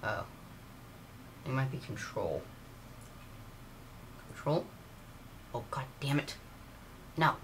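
A man's voice: mid-range voice, sing-song, takes it slowly, pauses often, fairly bright tone, a little hiss or hum. A young man doing casual gameplay commentary, swearing and blowing up at a frustrating game. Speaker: gaming YouTuber.

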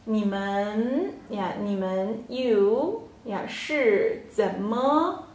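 Slow, patient woman teaching Chinese. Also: medium pitch, lively intonation, darkish tone, far from the mic. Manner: patient, repeats words, many fillers. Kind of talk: slow online language lesson. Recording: echoey room, off-mic.

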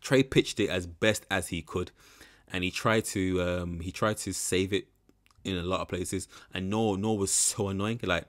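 A man's voice: deep voice, fairly even intonation, normal speed. A young man giving rambling, frank commentary in a casual reaction video. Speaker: reaction channel host.

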